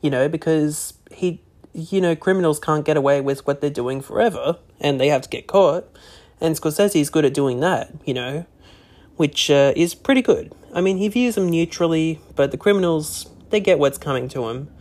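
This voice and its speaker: A podcast host talks casually on their own, rambling with many "you know" and "uh" fillers. The voice sits at a middle pitch, and the talk stays loose and chatty. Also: moderate pace, a little mellow.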